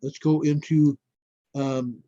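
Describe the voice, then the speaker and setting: A man with a somewhat high, mellow voice hosts a casual live stream, rambling unhurriedly and calling his viewers folks. He talks very slowly. The sound is dull and lo-fi, with a dry, close feel. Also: flat delivery, dry recording. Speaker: livestream host. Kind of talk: casual live stream commentary on earthquake maps.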